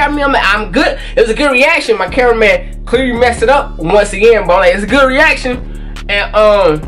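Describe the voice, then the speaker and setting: Excitable slangy man telling a prank story. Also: fast talker, soft background music. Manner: excitable, slangy storytelling with sudden high-pitched outbursts. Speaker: prank channel host. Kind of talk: storytime talking to camera.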